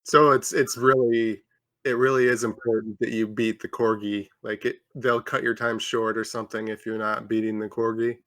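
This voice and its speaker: A man hosts a comedy podcast over a video call. He keeps things relaxed and joking, and he chuckles often as he talks. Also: fairly low pitch, moderate pace, no room sound. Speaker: podcast host. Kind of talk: casual chat on a video call.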